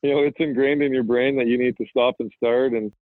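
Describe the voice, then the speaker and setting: A man's voice: medium pitch, a little fast, dry recording. Man on a tinny phone line. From Manitoba, Canada. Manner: relaxed, rambling, frequent fillers and restarts. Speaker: guest, professional hockey player. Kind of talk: casual phone interview.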